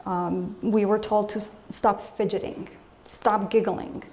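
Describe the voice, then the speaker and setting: A woman's voice: mid-range voice, steady tone, a little slow, a little mellow, slight background noise. Woman coach lecturing conversationally to an audience. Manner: conversational, poses questions to the audience; acts out scolding voices in quotes. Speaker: emotional health coach.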